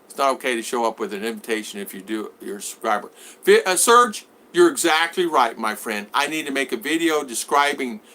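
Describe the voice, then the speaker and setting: Animated bright-voiced male vlogger. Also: a little fast. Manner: animated, acts out both sides of conversations in a higher voice. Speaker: vlogger answering live chat. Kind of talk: rambling live-stream chat.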